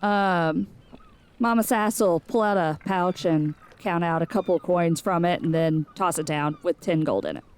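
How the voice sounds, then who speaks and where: A woman's voice: lowish voice, moderate pace. Casual woman player in a tabletop game. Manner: casual, laughs often.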